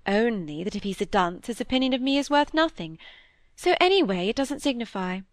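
Woman reading a witty young Victorian lady, teasing, light and high, audiobook, dry recording. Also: animated, brisk, dry recording, lightly acted.

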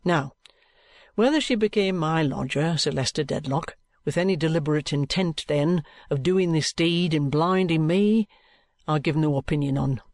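A man's voice: a little high, no echo, lightly acted. A man doing a cool, shrewd detective. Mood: firm. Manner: cool, deliberate and coaxing. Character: shrewd, calm male police detective, firm and patronising.

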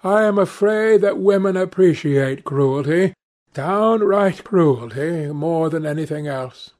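A man reading the part of a witty, cynical aristocratic gentleman who speaks in languid epigrams. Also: on the high side, takes it slowly.

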